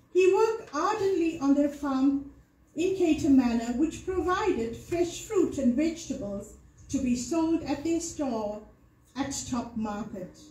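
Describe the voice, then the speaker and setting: A woman's voice: high-pitched, mellow, slight background noise. A middle-aged woman from Africa, giving an earnest, emotional memorial speech for her father in a temple hall. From South Africa. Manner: emotional, earnest, carefully measured delivery. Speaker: daughter giving a eulogy. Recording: echoey hall sound.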